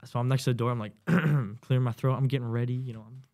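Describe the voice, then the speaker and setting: A young man, a podcast guest and new Marine, telling a story in casual talk, swearing a lot and loudly acting out what people said. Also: mid-range voice, fast talker. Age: young adult. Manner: animated, swearing, acts out quotes loudly. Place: podcast studio.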